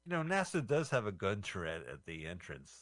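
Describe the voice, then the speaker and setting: Lively joking male radio host. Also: lowish voice, fairly quick, no room sound. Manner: jokey, punning, swears freely. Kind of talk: casual film-watching commentary.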